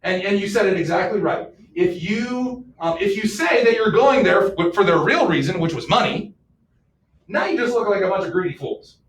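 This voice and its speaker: A man with a higher-pitched voice teaches a history class at a moderate pace, animated and joking around as he fires questions at his students. The echoey classroom is captured by a distant mic, with a faint hiss or hum.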